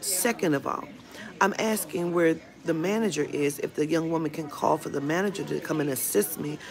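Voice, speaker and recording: Speaking at a normal speed in a low register, this woman vlogger delivers a blunt, profane storytime rant about a run-in she had. Crowd noise can be heard, and music runs beneath her speech.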